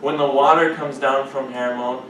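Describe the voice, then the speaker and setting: A man giving a lively chapel sermon, rising often to excited exclamations, recorded from a distance in a large chapel. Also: mid-range voice, moderate pace. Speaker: chapel speaker. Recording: echoey hall from far off, background noise.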